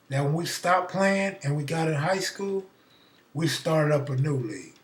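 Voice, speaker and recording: Animated storytelling man in an echoey room. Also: a little high, normal speed, far from the mic. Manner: animated storyteller, acts out voices, profane. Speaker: live stream host. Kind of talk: casual storytelling.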